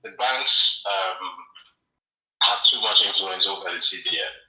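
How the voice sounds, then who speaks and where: Man, low, sharp bright tone, thoughtful, hedging, echoey distant call audio. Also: measured pace. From Nigeria. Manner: thoughtful, hedging, frequent fillers like "right?". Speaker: guest journalist. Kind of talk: conversational explanation.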